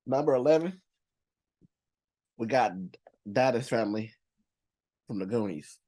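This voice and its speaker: Young man, middle pitch, casual slangy commentary, rambling, movie reaction host. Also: unhurried. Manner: animated, slangy, rambling with many fillers.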